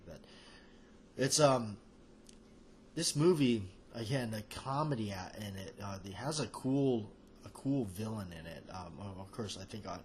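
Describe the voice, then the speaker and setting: A movie chat host with a fairly low voice talks about films casually, hesitating and rambling with plenty of fillers and restarts. There's slight background noise.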